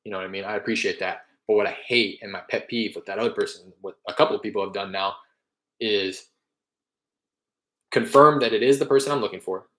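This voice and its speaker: A man's voice: lowish voice, brisk, bright, forceful tone, roomy sound. A young man in casual talk, explaining his real estate cold-calling method between live calls, rambling a little as he goes.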